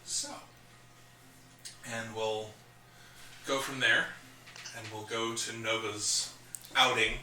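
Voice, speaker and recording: Casting: man as tabletop game master, laid-back and chuckling, very bright voice, roomy distant mic. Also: mid-range voice, slow, pauses often, slight background noise. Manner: relaxed, laughing, many fillers and restarts.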